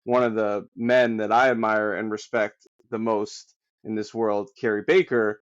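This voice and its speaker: A man hosting a podcast, reacting with enthusiasm and reflecting in a relaxed, filler-heavy way. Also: fairly low pitch, unhurried. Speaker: podcast host. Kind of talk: casual interview talk. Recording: slightly dull audio.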